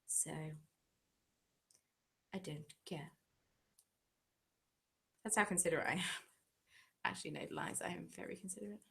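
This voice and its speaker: A woman's voice: lowish voice, unhurried, gravelly, pauses often, bright, forceful tone. A woman from England hosting a casual live-stream chat at home, answering viewer comments in a chatty, self-deprecating way. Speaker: craft channel host.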